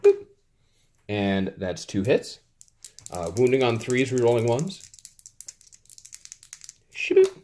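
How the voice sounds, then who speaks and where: Speaking slowly and in a sing-song way, this man has a warm, mid-range voice and leaves long pauses. He's calling out his own dice rolls in a tabletop wargame with casual, playful exasperation, making small sound effects while he rolls.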